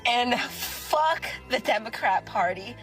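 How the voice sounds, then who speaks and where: A woman with a fairly high voice rants in anger and grief, swearing hard and close to tears. Faint music plays underneath. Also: animated, slow pace, fairly bright tone, poor audio. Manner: furious, swearing, near tears. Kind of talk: emotional political rant.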